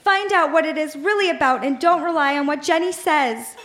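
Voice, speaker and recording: In a high-pitched, slightly quick and bright voice, a woman performs her old teenage diary for a live bar audience. She plays up the entries as pleading, melodramatic adolescent outbursts.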